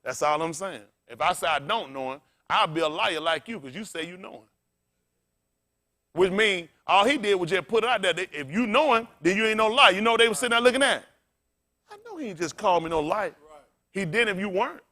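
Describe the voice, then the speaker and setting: A man preaching a sermon as pastor, blunt and profane, drawing answers from the congregation and often laughing. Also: sits high. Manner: loud call-and-response preaching, blunt and profane.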